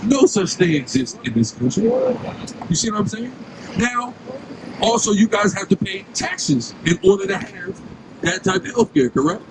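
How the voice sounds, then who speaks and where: A man's voice: sits high, very animated, normal speed. A man preaching outdoors on a city street, questioning passersby and repeatedly asking "right?". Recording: street noise and traffic.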